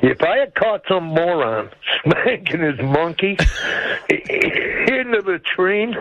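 A man's voice: high voice, very animated, takes it slowly, a bit bright. A man in his seventies calling in to a radio show, blunt and folksy. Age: 70s. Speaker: caller. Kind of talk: call-in radio chat. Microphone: phone call. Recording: dull phone line.

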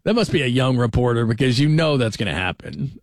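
A middle-aged man hosting late-night sports talk radio, lively and chatty as he moves from topic to topic. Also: mid-range voice, dry recording, clean studio sound. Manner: lively, chatty, fast-moving delivery. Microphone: studio microphone.

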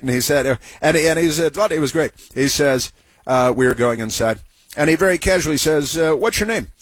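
Husky-voiced rambling male radio host. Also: medium pitch, no room sound. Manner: rambling storyteller with many restarts; blunt and opinionated. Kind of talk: talk radio monologue.

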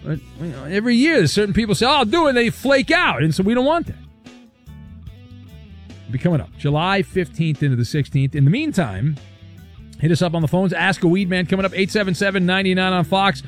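A man hosting a talk radio show, brisk and jokey as he reads out listener messages. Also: high voice, animated, faint music behind. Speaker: sports radio host.

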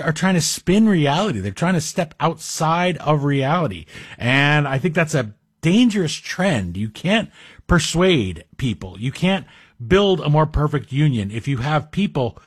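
A man's voice: fairly high pitch, dry recording. A man guest-hosting a talk radio show, speaking in a rambling, self-deprecating, conversational monologue into a studio microphone.

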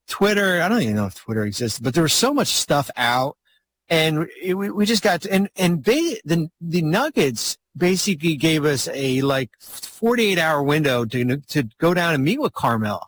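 A man, a former basketball team executive, telling a long anecdote in casual chat, rambling and animated with sudden jumps in pitch. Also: moderate pace.

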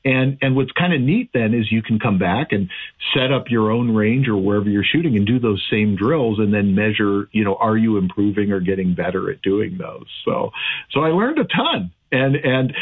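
Husky guy on talk radio, chatty, lots of restarts, tinny phone sound. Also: on the low side, expressive, normal speed. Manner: chatty, frequent restarts and fillers. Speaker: radio show guest expert.

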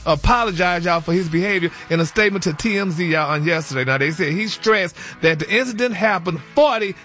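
A man's voice: high-pitched, animated, brisk, bright, forceful tone, faint music behind. A man delivering celebrity news on a morning radio show in a chatty, emphatic way, tossing in "y'all" and "honey" as he talks. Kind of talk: casual gossip commentary.

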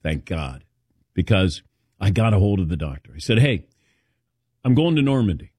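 Host guy, lowish voice, chatty storyteller, dry close sound. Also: very animated, moderate pace, a little mellow, slightly rough, dry recording. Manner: rambling anecdotal storytelling. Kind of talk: casual chat.

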